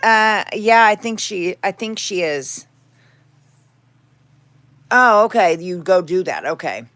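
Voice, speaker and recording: A woman's voice: lowish voice, lively intonation, slow pace, fairly bright tone, dry recording. Female streamer, casual and candid, dry room, occasional cat. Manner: rambling, candid, talks to her cats and chat. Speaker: livestream host. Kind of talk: casual livestream chat. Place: home.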